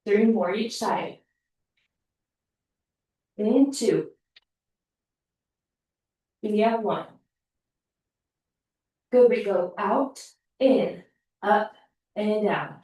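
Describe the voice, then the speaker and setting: Warm and medium in pitch, a pilates instructor talks very slowly with long pauses, breathless as she counts reps down and encourages everyone. Her laptop sits far across the room, so the audio comes out echoey.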